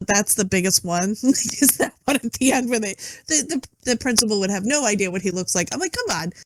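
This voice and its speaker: A middle-aged woman chatting on a podcast, telling animated stories and acting out quotes between bursts of laughter. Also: medium pitch, brisk, dry recording. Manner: animated storytelling, acts out quotes, laughs often. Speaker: guest reviewer. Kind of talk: casual podcast chat.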